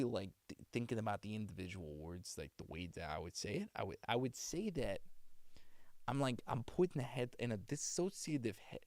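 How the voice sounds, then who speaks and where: Man, young adult, put-on Boston accent, gravelly, low voice, dry close sound, rambling casual stream chat. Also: dry recording. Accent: Boston, put on for practice. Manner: rambling, restarts often, warm thanks to viewers. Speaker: streamer and voice actor. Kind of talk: casual chat signing off a livestream. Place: home streaming setup downstairs.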